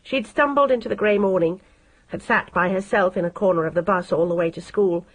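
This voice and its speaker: A woman narrating an audiobook in a steady, measured reading style. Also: mid-range voice, low-quality recording. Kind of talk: scripted narration.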